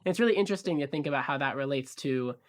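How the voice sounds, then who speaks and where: A podcast host musing thoughtfully and asking interview questions in a measured way. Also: mid-range voice.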